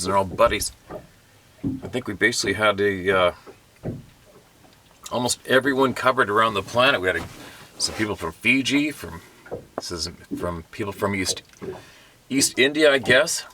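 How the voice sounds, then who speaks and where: A man with a lowish, bright, forceful voice tells stories from his boat in a loose, joking way and laughs often. He sounds worn out and sunburnt. A faint hiss of noise sits behind him. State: sunburnt and tired. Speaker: host, hunting guide. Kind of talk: casual storytelling to camera.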